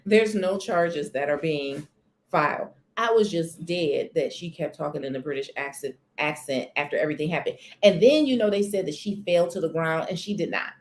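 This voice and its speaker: A woman's voice: sits low, moderate pace. A woman hosting a casual live stream from a corner of her home, chatting expressively about celebrity news and greeting viewers in the chat by name. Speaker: livestream host. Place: corner of a room at home near a sunny window.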